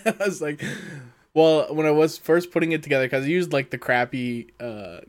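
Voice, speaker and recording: A man's voice: fairly high pitch, normal speed. A man co-hosting a casual podcast, rambling with many fillers and chuckling mid-sentence. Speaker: podcast co-host. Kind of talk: casual chat.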